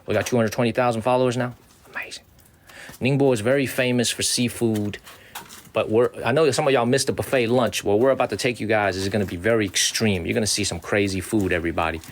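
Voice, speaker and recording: Excitable streamer man, street livestream. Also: lowish voice, fast talker, a little hiss or hum. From Chicago, USA. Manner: excitable, repetitive, tacks "man" onto sentences. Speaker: livestream host. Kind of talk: casual walking livestream. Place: outdoors on city streets.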